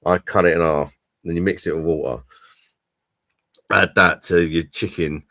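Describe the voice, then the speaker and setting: A man's voice: low voice, steady tone, normal speed, sharp tone, no echo. A man hosting a casual online pub chat, rambling and swearing cheerfully about food. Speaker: livestream pub chat host. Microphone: streaming call mic.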